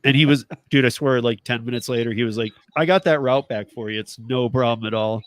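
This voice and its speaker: A man in his thirties hosting a casual talk show, telling a story with lively acted-out dialogue. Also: mid-range voice, fairly quick, slight background noise. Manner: animated storytelling, acts out quoted dialogue, laughs often. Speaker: podcast host, rideshare driver. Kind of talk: casual chat.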